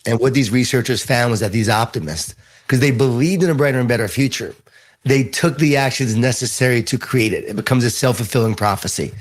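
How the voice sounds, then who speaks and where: A man's voice: mid-range voice, a little fast. Earnest Long Island man telling stories. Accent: Long Island New York. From Long Island, New York. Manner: earnest, animated storytelling with repeated phrases. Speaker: guest author and speaker. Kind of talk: storytelling interview answers.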